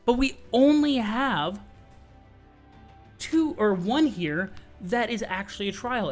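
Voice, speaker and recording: A man giving casual, excitable commentary on game news, chatty and full of slang and quick restarts. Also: high voice. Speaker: gaming video creator.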